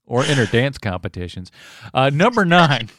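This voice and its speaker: Rambling laughing man, animated pitch. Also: normal speed, a little hiss or hum. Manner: rambling, laughing, acts out lines. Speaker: podcast co-host reading questions. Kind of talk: casual chat.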